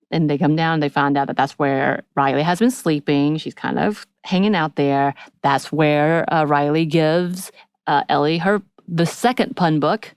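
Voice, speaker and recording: A low-voiced woman co-hosts a podcast in clean studio sound with no room noise. She recaps a TV episode in casual chat, telling it with lively energy and acting out the characters' lines as she goes.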